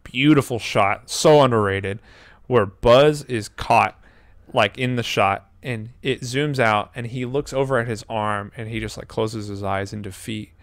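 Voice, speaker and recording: A man in his twenties telling a story in casual chat, animated, swearing often and acting out quotes. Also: mid-range voice, measured pace, dry recording. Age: 20s. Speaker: podcast co-host.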